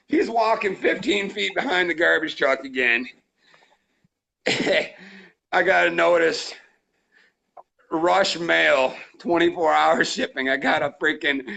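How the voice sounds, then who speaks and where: A rowdy man tells a crude, joking story with no polish at all. His voice sits high and gravelly, with a sharp, bright edge. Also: rough recording. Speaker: trapping channel host. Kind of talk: casual storytelling.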